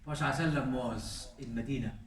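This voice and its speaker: A man's voice: medium pitch, racing, slight background noise. A man preaching a sermon in a mosque, earnest and emphatic, stacking phrases into lists and sprinkling in Arabic blessings. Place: mosque hall. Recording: roomy mosque hall, distant mic.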